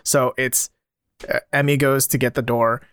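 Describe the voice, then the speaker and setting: A man's voice: mid-range voice, flat delivery, normal speed, a bit bright, smooth, no echo, studio quality. A man co-hosting a casual podcast recap, laid-back, swearing casually and reading from his notes. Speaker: podcast co-host. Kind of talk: casual chat recapping a reality show.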